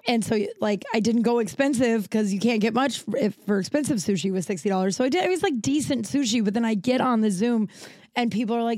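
A woman's voice: a little high, quick pace, darkish tone, dry recording. A woman in her thirties hosting a podcast alone, rambling casually with lots of fillers and restarts, tired and yawning. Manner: rambling, filler-heavy, self-interrupting. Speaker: podcast host. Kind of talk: casual solo chat. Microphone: home recording setup.

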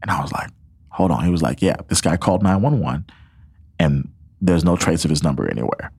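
A young man tells his testimony on a podcast in an earnest, emotional way. His voice sits low and a little husky, and it swings widely in pitch as he acts out conversations and breaks into laughter. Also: animated, a little fast, darkish tone. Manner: earnest storytelling, acts out quotes, laughs often. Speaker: podcast guest.

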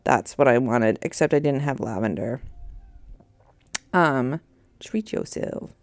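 A woman's voice: rumbling low, measured pace, no echo. A woman in her thirties hosting a podcast in a rambling, chatty way, easily sidetracked mid-sentence. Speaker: podcast host. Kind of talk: casual chat.

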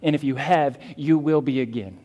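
Earnest pastor preaching in a reverberant hall. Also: male voice, fairly high pitch, normal speed, warm tone. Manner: earnest, emphatic, with fillers and restarts. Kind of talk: sermon.

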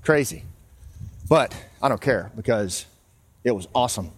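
A man's voice: mid-range voice, expressive, a little slow. Earnest fifties man, noisy outdoor recording. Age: 50s. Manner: earnest, emotional, builds to passionate. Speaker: podcast host. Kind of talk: casual walking monologue. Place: outdoors in a small river town.

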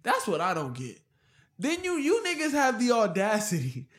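A young American man whose voice sits very high and jumps all over the place. He argues heatedly in casual conversation, swearing often and building his points with force. The talk sounds unscripted. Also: huge pitch swings, moderate pace, fairly bright tone. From United States. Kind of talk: casual chat.

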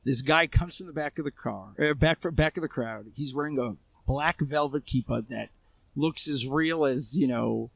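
Interviewed as a guest, an armed civilian responder in Israel tells his story loosely, with lots of fillers and restarts. His voice is gravelly and creaky yet fairly bright, mid-range, at a moderate pace, and sounds close in a dry recording.

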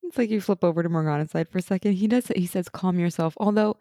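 A young woman co-hosting a casual TV recap chat, animated and laughing as she acts out lines from the show. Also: fairly low pitch, fast talker, no echo, studio quality. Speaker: podcast co-host.

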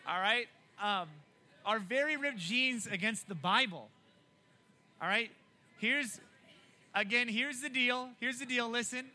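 A young man preaching a youth sermon, animated and emphatic, often repeating himself to keep listeners engaged. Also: high-pitched, measured pace, pauses often. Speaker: youth pastor.

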